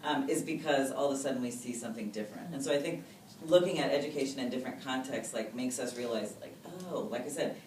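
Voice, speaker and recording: Fast-talking woman researcher, chatty and quick. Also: extremely low pitch, a little mellow. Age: 30s. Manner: chatty, fast, full of fillers and quoted dialogue. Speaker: researcher guest. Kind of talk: casual conversational interview. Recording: roomy audio, mic a bit distant, faint noise.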